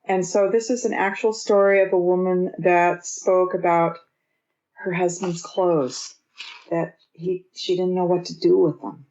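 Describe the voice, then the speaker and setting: Calm woman therapist telling a story. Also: on the low side, dull audio. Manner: calm, measured storytelling with gentle quoted dialogue. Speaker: grief therapist and author guest. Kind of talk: recounting a therapy session.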